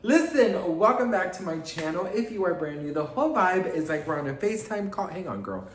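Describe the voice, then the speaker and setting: A man hosting a chatty celebrity commentary vlog in a sassy, campy, animated way, calling viewers best friend. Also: sits high, a little fast, roomy sound. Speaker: YouTube commentary host. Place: in Paris, in a room.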